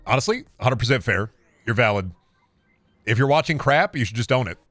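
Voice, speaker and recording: A man's voice: medium pitch, lively intonation, brisk, a bit bright, faint music behind. A male streamer in casual live-stream chat, ranting sarcastically and swearing.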